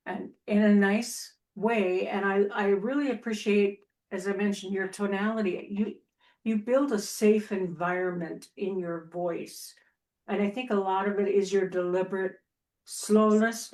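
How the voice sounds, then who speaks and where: A woman's voice: mid-range voice, a little mellow. A woman from Minnesota, a Toastmasters member speaking in a thoughtful, appreciative way during a casual group discussion.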